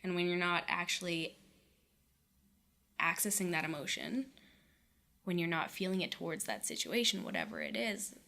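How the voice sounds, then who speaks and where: Female podcast guest with a lowish voice, calm and supportive, explains things plainly. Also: moderate pace, gravelly, long pauses. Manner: supportive, affirming, calmly explains. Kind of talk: casual conversation.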